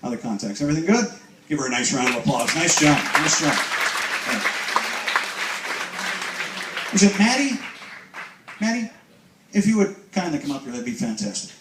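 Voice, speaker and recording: A man performing as a stage hypnotist. He gives slow, soothing trance commands and mixes them with upbeat banter with the audience. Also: a little high, very animated. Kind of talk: live stage hypnosis show. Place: cruise ship show lounge with live audience. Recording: echoey room from far off, loud crowd and noise.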